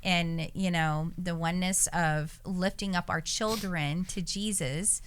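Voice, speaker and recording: A middle-aged woman in casual podcast chat, telling lively stories and acting out what people said. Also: takes it slowly, a little hiss or hum. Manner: animated storyteller, acts out quotes in a high voice. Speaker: pastor on a church podcast.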